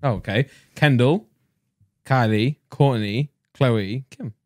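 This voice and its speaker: A man's voice: medium pitch, slow, a little mellow, no echo, clean studio sound. A young man co-hosting a podcast, chatting in a blunt, jokey, slangy way. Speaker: podcast co-host. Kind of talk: casual podcast banter.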